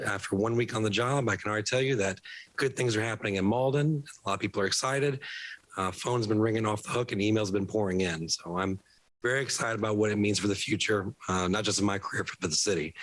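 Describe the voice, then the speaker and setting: A hoarse man, nearly out of voice, giving short apologetic but upbeat remarks as a new city director at a council meeting. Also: fairly low pitch, dry recording. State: hoarse, losing his voice. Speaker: new community development director.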